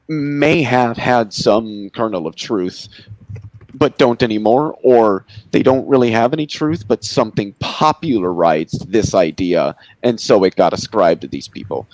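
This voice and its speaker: A man's voice: fairly low pitch, a little mellow, dry recording, low-quality recording. A man in a casual debate chat who hesitates and restarts, then turns blunt and swears.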